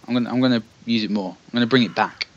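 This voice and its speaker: A man's voice: mid-range voice, racing, muffled recording. A man commenting on a text-based game, reading passages aloud and making chatty, self-deprecating asides. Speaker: let's play host.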